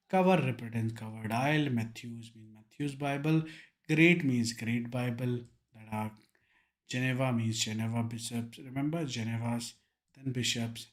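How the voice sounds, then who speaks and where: Emphatic Indian English male teacher. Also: mid-range voice. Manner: emphatic, drilling key terms, mixes in Hindi words. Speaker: exam-prep teacher. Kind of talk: online revision lecture.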